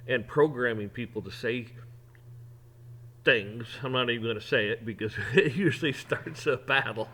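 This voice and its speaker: A man in mid-rant on his own show, blunt and heated. He swears freely and stumbles over repeated words as he pushes his point. His pitch sits right in the middle for a man. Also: normal speed, bright, forceful tone, husky. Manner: repeats words and restarts when worked up. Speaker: podcast host. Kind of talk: opinion rant.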